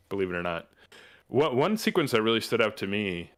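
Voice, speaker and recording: A man's voice: lowish voice, sing-song, a little fast, fairly bright tone. A man from New Mexico hosting a podcast, talking in enthusiastic, rambling casual chat with many fillers and restarts. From New Mexico, USA. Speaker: podcast host.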